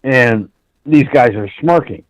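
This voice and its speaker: A man's voice: mid-range voice, takes it slowly, no echo, low-quality recording. A man calling in to a talk show, telling a long story bluntly and with lots of swearing, acting out the quoted dialogue. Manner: blunt, profane, animated, acts out quoted dialogue. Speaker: caller.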